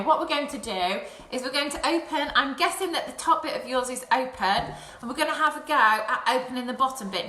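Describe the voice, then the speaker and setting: A woman's voice: sits high, bright, forceful tone, reverberant, slight background noise, poor audio. A young woman presenting a live craft session for children from her home, chatty and apologetic. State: out of breath. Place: home, indoors. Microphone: phone or webcam livestream.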